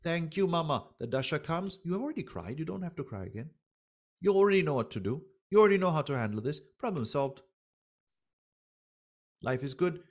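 Male astrology teacher, slightly high voice, animated lecturing that acts out little quoted exchanges. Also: fairly quick, long pauses.

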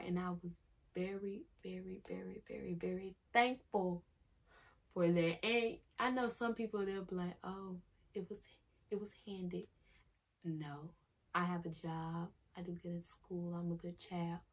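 A young woman vlogging in a chatty, casual way, retelling what happened and quoting herself as she goes. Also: medium pitch. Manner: chatty, retells moments with "I'm like" quotes. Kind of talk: casual storytelling vlog.

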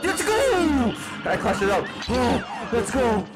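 A man playing a demon hedgehog doing let's-play commentary, panicky and yelping, over loud game music. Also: a little high, big pitch swings, slow, poor audio. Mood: frantic. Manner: panicky, yelps and repeats himself. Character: psychotic demon hedgehog, male, gaming. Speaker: gamer.

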